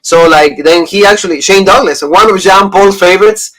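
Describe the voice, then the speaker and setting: A man's voice: high-pitched, normal speed, a bit bright, rough recording. A man in his thirties from Pennsylvania, co-hosting a casual review chat and rambling through retold stories. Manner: rambling, retelling stories with quoted lines. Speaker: podcast co-host.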